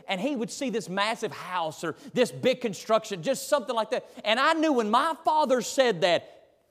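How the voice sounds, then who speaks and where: Animated preacher in a reverberant hall. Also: male voice, high-pitched, unhurried. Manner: animated preaching, folksy and emphatic. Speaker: pastor. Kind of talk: sermon. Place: church sanctuary.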